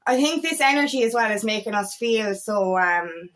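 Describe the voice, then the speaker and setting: A woman's voice: medium pitch, expressive, normal speed, a bit bright. A young woman coaching on spiritual growth in a casual, rambling way, tired and emotional, with many restarts and repeated words. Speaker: feminine empowerment coach. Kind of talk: casual spiritual talk to camera.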